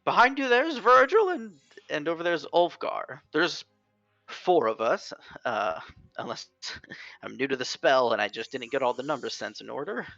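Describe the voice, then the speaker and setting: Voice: a man playing a goofy young adventurer. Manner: excited, rambling, full of hesitations, pitched well above his own voice. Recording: dry, dull lo-fi mic. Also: normal speed, vocal fry, dry recording, faint music behind, exaggerated voice. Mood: earnest.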